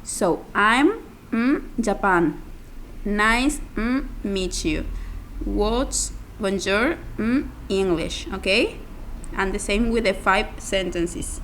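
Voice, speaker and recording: A woman English teacher walking students through revision exercises, patient and slow, checking in with "okay?" after nearly every step. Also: medium pitch, lively intonation, fairly bright tone, slight background noise. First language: Spanish. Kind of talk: recorded class instructions.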